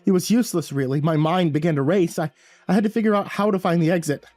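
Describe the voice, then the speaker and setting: A man's voice: high voice, fast talker, darkish tone, no room sound, soft background music. A man narrating a first-person horror story in a tense, breathless way, stumbling over words now and then.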